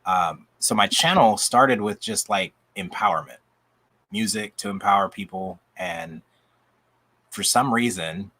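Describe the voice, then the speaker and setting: Speaking a little slowly, the man has a pushed, bright voice on the low side. He's a coach and channel guest, chatting eagerly on a group video call, rambling and restarting as his voice fades.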